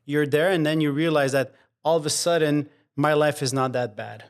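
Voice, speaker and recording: Male podcast co-host, slightly high voice, reflective and supportive. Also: steady tone, normal speed, clean tone. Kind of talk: casual interview chat.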